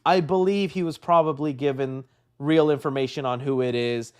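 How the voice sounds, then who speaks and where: A high-pitched young man hosting a casual movie news livestream. He rambles excitedly from thought to thought, tossing in "dude" constantly and laughing at his own asides. His tone stays loose and chatty throughout. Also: moderate pace, clear, resonant tone. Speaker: host of a live movie news show.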